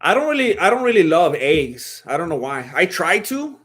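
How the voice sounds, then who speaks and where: Streaming a fight watch-along, a man chats casually and answers viewer questions in a laid-back, slangy way, laughing often. His voice is on the high side, a bit bright, and very animated at a moderate pace.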